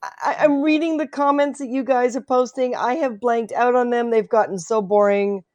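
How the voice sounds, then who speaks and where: A woman from Canada hosts a relaxed live stream and chats freely with her guests. She is talkative and laughs easily. Her voice sounds dry and close, with no room echo. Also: on the high side, normal speed, dull audio. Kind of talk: casual live stream chat.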